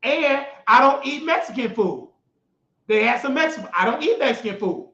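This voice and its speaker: A man hosting his show, telling a story in an emphatic, repetitive way that bursts into shouting. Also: very high voice, animated, moderate pace. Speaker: host. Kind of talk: animated storytelling monologue. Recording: echoey, dull lo-fi recording.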